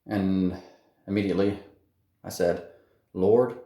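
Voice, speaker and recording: A man giving an unscripted personal faith testimony, halting, with many fillers and restarts. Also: low-pitched, fairly even intonation, warm tone, roomy sound. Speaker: testimony speaker.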